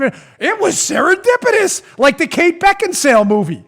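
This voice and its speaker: A man in his forties hosts a political talk show with a high voice that swoops widely as he mocks his subject. He is animated and often breaks into laughter. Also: normal speed, hardly any pauses. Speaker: host.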